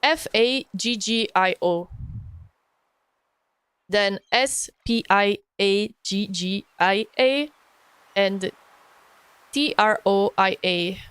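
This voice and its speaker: A woman's voice: medium pitch, very slow, long pauses, a bit bright, clean tone, no echo. A woman from Italy speaking with an Italian accent, chatting casually and playfully with viewers on a live stream and laughing often.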